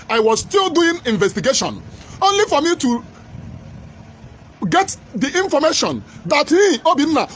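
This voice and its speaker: A man's voice: extremely high pitch, a bit bright, slight background noise. A man giving an emphatic, repetitive political commentary monologue.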